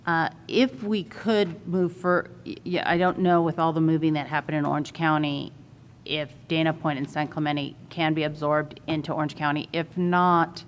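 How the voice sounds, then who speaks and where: Low-voiced woman commissioner, halting speech. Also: fairly even intonation. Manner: halting, frequent ums and restarts. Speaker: redistricting commissioner. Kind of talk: public meeting discussion.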